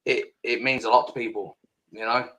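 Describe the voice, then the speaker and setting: A man's voice: medium pitch, fairly even intonation, normal speed, pushed and bright, low-quality recording. A man hosting a podcast as a casual chat, talking freely and swearing a lot. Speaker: podcast host. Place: home, sitting with laptop.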